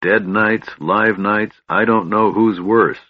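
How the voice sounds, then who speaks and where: A man voicing a grumpy old male dwarf, gruff and grumbling. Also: lowish voice, fairly even intonation, takes it slowly, muffled recording.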